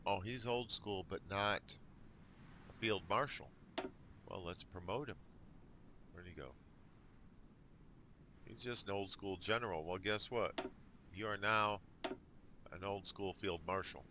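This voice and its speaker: A man's voice: low-pitched, a little slow, long pauses, sharp tone, slight background noise. A man giving casual let's play commentary on a strategy game, thinking aloud with dry jokes. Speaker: gamer.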